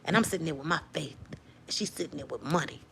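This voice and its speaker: A woman's voice: deep voice, fast, gravelly, slight background noise. A woman telling a faith testimony to her viewers, acting out what people said and laughing often. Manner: animated storytelling, acts out quotes, laughs often. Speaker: host sharing a faith testimony. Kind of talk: lively spoken testimony to viewers.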